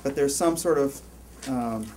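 A man giving a university lecture, rambling and animated, with many restarts and asides to the class. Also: medium pitch, unhurried, slight background noise. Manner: animated, rambling, lots of self-interruptions. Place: lecture hall.

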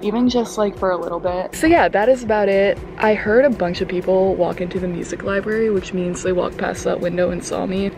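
A nineteen-year-old woman talking casually to her camera as a college vlogger, chatty and full of "like" fillers, recorded on a phone around campus and in her car. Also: medium pitch. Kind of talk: casual vlog talk to camera. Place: campus spots, car and courtyard.

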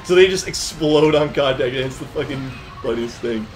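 A young man giving casual, excitable gameplay commentary with friends, swearing, laughing and breaking into loud outbursts. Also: a little high, moderate pace, soft background music. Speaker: gaming commentator.

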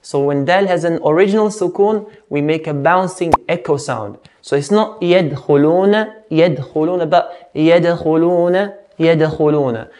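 A man teaching a tajweed lesson, patiently explaining rules and slowly demonstrating how each word of recitation should sound. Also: a little high, animated, a little mellow. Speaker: Quran teacher.

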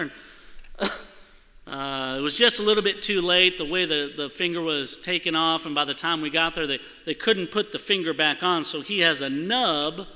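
Bright high-voiced man preaching in hall. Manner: animated storytelling, acts out quoted voices. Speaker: church speaker. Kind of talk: sermon with personal story. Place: church sanctuary. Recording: church hall with long reverb.

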